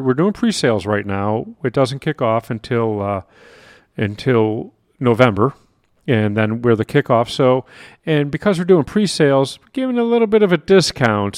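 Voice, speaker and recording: A man coaches his listeners in a solo podcast, speaking earnestly and with emphasis, breaking in now and then with a wry aside. His voice sits in an ordinary middle pitch. The recording is dry and close, with no room sound. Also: dry recording. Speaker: podcast host and confidence coach.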